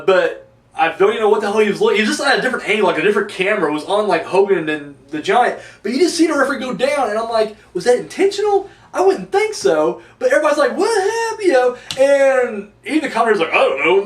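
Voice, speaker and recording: Rambling, profane man in echoey room. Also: high voice. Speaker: wrestling reviewer. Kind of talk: casual video review. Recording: echoey room, distant mic.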